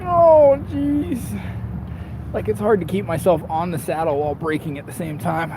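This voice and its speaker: A chatty man with a somewhat high voice vlogs as he rides a bike through town streets, rambling and laughing at himself. Street noise and passing traffic come through clearly behind him on the camera mic. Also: fast. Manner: chatty, rambling, self-deprecating, laughs often. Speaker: bike shop owner and vlogger. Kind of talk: live-stream commentary while riding a bike. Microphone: camera on the rider, action camera. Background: traffic and street sounds.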